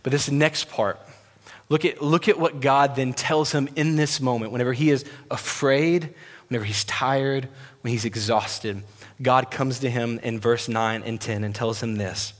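A man's voice: medium pitch, fairly even intonation, a little slow. A man preaching a sermon, conversational and emphatic as he retells scripture. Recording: long reverb of a large hall.

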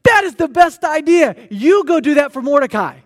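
A man's voice: extremely high pitch, sing-song, normal speed. A man voicing an ancient king who speaks emphatically and demands answers. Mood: eager. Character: powerful ancient king, adult man, eager then furious.

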